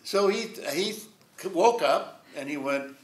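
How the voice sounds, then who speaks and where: An older man tells stories from his teaching days in a rambling, reflective way, breaking into chuckles. His voice sits a little high. He is recorded in an echoey college lecture room. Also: expressive, takes it slowly. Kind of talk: storytelling lecture.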